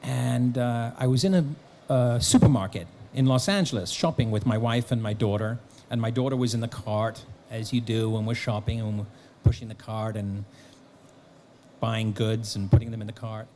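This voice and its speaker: A middle-aged man telling an animated anecdote as a guest at a fan press conference. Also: on the low side, normal speed, slight background noise. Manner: animated storyteller, slips into voices for the people he quotes. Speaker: actor and author guest.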